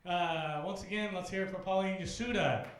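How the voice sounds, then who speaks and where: A young man hosting a comedy club night, his voice set a little high as he rambles through a self-deprecating story. He talks into a stage mic, and the club's hard walls give it a roomy echo. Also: moderate pace, background noise. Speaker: comedy show host. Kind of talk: stand-up storytelling between acts.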